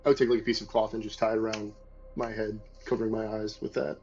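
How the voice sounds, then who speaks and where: Guy at the game table, lowish voice, plain and to the point, lo-fi mic with keys clacking. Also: little pitch movement, quick pace, a little mellow, faint music behind. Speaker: player. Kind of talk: casual game chat.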